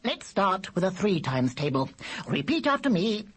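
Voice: mid-range voice, big pitch swings, normal speed, slightly rough, voice pushed up. A reader voicing a clever talking baby boy who speaks in a dry, patient, know-it-all way. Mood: teasing. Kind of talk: audiobook character voice.

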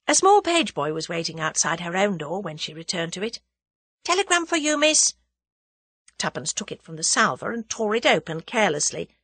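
A woman narrating a novel as an audiobook in a measured, expressive reading. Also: on the low side, breathy edge, no room sound. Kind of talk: scripted narration.

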